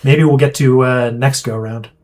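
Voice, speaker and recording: A man streaming a strategy game, chatting casually and thinking aloud with quick asides. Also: mid-range voice, fairly even intonation, darkish tone. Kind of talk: casual gameplay chat.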